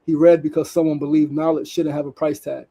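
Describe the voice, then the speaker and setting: A man's voice: fairly high pitch, little pitch movement, brisk, creaky, warm tone, low-quality recording. A man hosting a daily show, talking casually and emotionally, swearing freely and reading a story aloud. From New York City. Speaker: podcast host. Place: studio.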